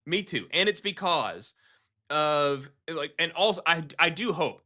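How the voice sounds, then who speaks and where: Bright-voiced man chatting about games. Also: a little high, a little slow. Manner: animated, rambling with restarts, mimics voices. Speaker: podcast co-host. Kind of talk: casual gaming podcast chat.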